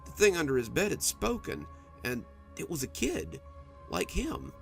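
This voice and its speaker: Man, storyteller, spooky story narration, gravelly voice, lively expressive pitch, mid pitch. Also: normal speed. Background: faint music.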